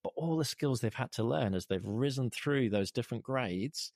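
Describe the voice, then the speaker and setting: A man's voice: medium pitch, animated, normal speed, gravelly, a little mellow, dry recording, studio quality. A man talking earnestly in an interview, asking rhetorical questions as he argues a point. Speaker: guest, leadership advocate. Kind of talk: conversational interview.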